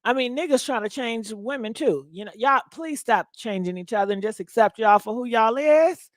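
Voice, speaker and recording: A woman with a high, bright voice hosts a casual gossip commentary. She talks in a blunt, sassy way and swears freely. The sound is dry and close to the mic. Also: lively intonation, moderate pace, no echo. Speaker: host.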